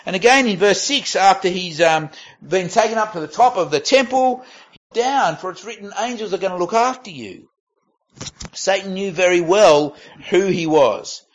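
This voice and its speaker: High-voiced man preaching. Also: expressive. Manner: conversational, reads scripture aloud, with pauses and restarts. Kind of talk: sermon.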